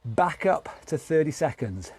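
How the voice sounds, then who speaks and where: A man's voice: fairly high pitch, sing-song, a little slow, darkish tone, a little hiss or hum. Upbeat British man leading a workout. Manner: upbeat, encouraging, counting down reps. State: stuffy nose. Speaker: fitness instructor. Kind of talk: online exercise class instruction.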